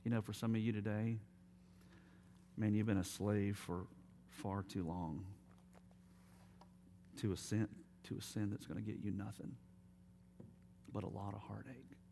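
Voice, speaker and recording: A man preaching a sermon as pastor, telling stories and dropping to quiet, emphatic appeals. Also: on the low side, fairly even intonation, measured pace, gravelly, long pauses, a little hiss or hum.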